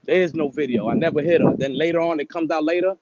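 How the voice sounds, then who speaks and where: A man's voice: a little high, fast talker, muffled recording, background noise. A man talking bluntly and emphatically as a guest in a casual chat. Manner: blunt, emphatic, repeats "bro".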